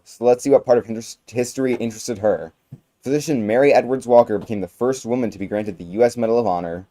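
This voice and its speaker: A man's voice: mid-range voice, dark tone. A young man co-anchoring a student news show, reading items from a script with occasional slips. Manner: halting read with slips.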